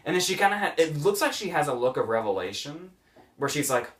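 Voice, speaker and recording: A man's voice: a little high, very animated, fast talker, a bit bright, far from the mic. A man hosting a casual movie review podcast, sarcastic and mocking scenes as he retells them.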